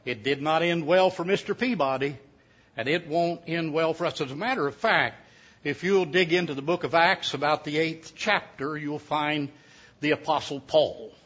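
Folksy preacher telling a tale. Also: male voice, a little high, moderate pace, fairly bright tone, slightly rough. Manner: folksy, joking storyteller. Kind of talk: sermon with a folksy story. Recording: dull lo-fi sound.

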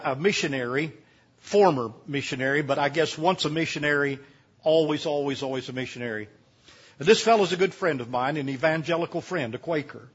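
An older man preaches at a camp meeting in a homespun, rambling way, often stopping and restarting his sentences. His voice is husky and sits a bit high for a man. The recording sounds dull and lo-fi. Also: fairly bright tone. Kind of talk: folksy sermon talk.

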